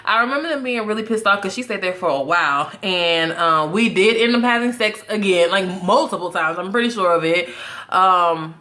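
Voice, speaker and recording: A young adult woman telling a casual storytime monologue to her viewers, animated and profane, breaking into laughing asides. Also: medium pitch, normal speed. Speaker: vlogger.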